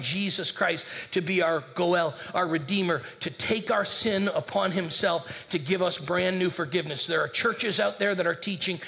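Senior pastor, male, slightly high gravelly voice, lively preaching that calls on the congregation. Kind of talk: sermon. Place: church sanctuary with congregation.

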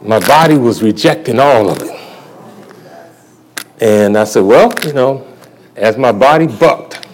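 A man's voice: medium pitch, animated, unhurried, long pauses, poor audio. A male church elder giving a sermon testimony at a convocation, telling his story in a folksy way and chuckling often.

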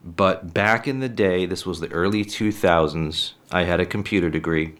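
A man's voice: deep voice, normal speed, a bit bright. A middle-aged man telling personal stories in a casual, rambling, frank way, often saying "literally.". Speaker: storyteller.

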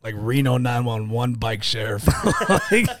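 A man's voice: mid-range voice, animated, unhurried, fairly bright tone, no echo, studio quality. A man co-hosting a podcast, telling a story in casual chat and mimicking the people in it. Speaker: podcast co-host.

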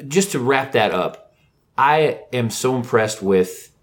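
A man in casual chat, an animated storyteller who laughs often. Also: medium pitch, slow. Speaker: comedian.

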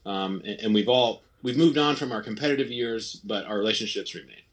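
Husky-voiced man telling his story candidly. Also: fairly low pitch, a little fast. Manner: candid, rambling, frequent restarts and quoted self-talk. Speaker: interview guest, retired ski racer. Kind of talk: casual interview conversation.

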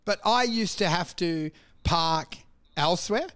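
A man with a smooth voice, laughing often and swearing in a casual comedy podcast chat. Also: high voice, measured pace, a bit bright.

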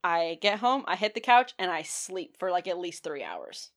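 A young woman in casual chat as a podcast co-host, telling an animated story, swearing casually and laughing often. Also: on the low side, normal speed.

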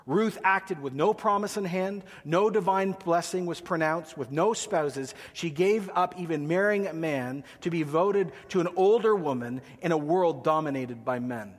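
A man's voice: on the high side, long reverb tail. A man preaching a sermon, conversational, with joking asides to the congregation. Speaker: pastor.

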